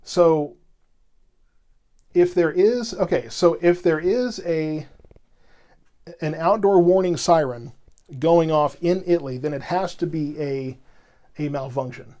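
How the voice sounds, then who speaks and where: A man's voice: fairly high pitch, takes it slowly, long pauses, warm tone. A man hosting live severe weather coverage, explaining at length to viewers with many restarts and repetitions. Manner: rambling, repeats himself, explains patiently to chat. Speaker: weather stream host.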